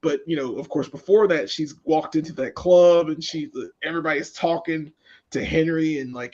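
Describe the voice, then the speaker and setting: Man, higher voice, rambling group-chat reviewer; muffled lo-fi recording. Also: fairly even intonation, normal speed, a little mellow. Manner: rambling, repeats words, enthusiastic. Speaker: podcast co-host. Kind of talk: casual movie review chat. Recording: dull lo-fi sound.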